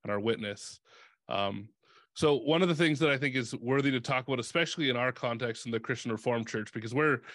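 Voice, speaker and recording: A man's voice: mid-range voice, fairly bright tone, no room sound. Young man, dry close voice. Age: young adult. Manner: halting, many fillers and restarts. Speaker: host. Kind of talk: conversational interview.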